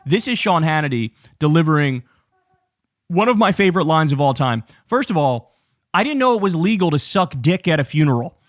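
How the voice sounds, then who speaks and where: A man's voice: fairly high pitch, brisk, dry recording, studio quality. A man hosting political commentary in a casual, profane, mocking rant. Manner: mocking, animated, swears a lot, says bro.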